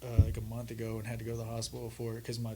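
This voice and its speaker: A man's voice: mid-range voice, monotone, racing, a crowd in the background, poor audio. A man, a podcast guest telling casual stories with a laid-back drawl, often quoting other people. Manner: laid-back storytelling, mimics others in quotes. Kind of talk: casual chat.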